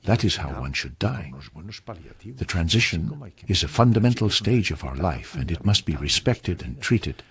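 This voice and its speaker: An older man from Spain, a retired surgeon, answering interview questions in a calm, earnest, reassuring way. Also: deep voice, normal speed, vocal fry.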